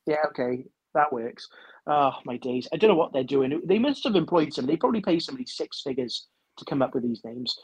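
A man co-hosting a casual podcast chat, excitable and full of stories. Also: medium pitch, quick pace, slightly rough. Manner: excitable, chatty storyteller. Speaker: podcast co-host.

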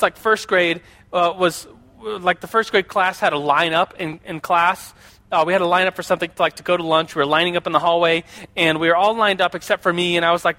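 Guy with a high bright voice telling stories to a crowd, chatty, lots of "like" and "um", checks in with the audience. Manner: chatty, many fillers, asks the audience questions; animated, acts out quoted voices. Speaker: speaker addressing a group. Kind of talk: casual storytelling to an audience.

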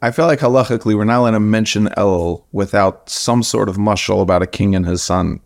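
A man co-hosting a casual chat podcast. His voice sits low and carries a gravelly rasp. He tells chatty everyday stories and teases his co-host. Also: quick pace. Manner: chatty, teasing storyteller.

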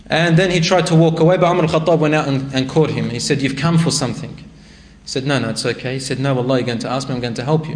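A man with a medium-pitched voice answers a question during his sermon, starting conversationally and rising to emphatic exhortation. Slight background noise is present, along with a hall's echo and faint ambience.

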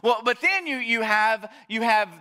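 A male pastor giving a chatty Mother's Day sermon, telling stories with frequent restarts and sometimes going soft and quiet. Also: extremely high pitch, animated, a little slow. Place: church service, also streamed online.

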